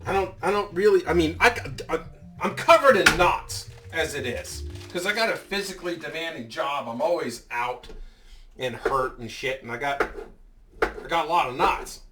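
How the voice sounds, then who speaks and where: A man's voice: a little high, normal speed, distant mic, noisy background. A man in his fifties telling a story as a vlogger, ranting heatedly and swearing a lot. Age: 50s. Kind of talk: casual storytelling.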